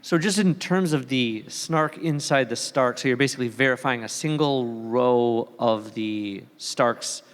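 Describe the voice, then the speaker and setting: A man in a conference audience works through a probing question, thinking aloud. His voice sits at an ordinary pitch. The hall's long reverb surrounds it. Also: measured pace, hardly any pauses, clear, resonant tone. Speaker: audience member asking a question. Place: conference hall.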